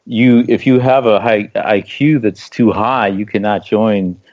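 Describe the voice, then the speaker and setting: A low-voiced man co-hosts a casual talk show and argues his point with passion, circling back and repeating words to hammer it home. The audio is dull and lo-fi, like a home podcast stream. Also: fairly even intonation, a little slow, a little mellow. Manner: impassioned, argumentative, repeats phrases for emphasis. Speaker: co-host. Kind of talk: casual political discussion.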